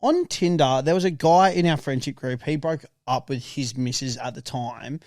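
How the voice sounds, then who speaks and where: A man co-hosting a casual podcast, joking and swearing freely in quick banter. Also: mid-range voice, lively intonation, darkish tone, no echo, clean studio sound. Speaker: podcast co-host. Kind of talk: casual chat.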